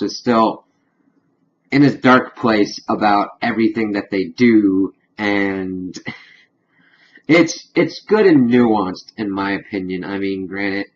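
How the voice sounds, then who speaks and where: A man's voice: lowish voice, a little hiss or hum. Casual man with a dull lo-fi sound. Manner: chatty, retells scenes with quick acted-out asides. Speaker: TV episode reviewer. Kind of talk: casual recap vlog. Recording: dull lo-fi recording.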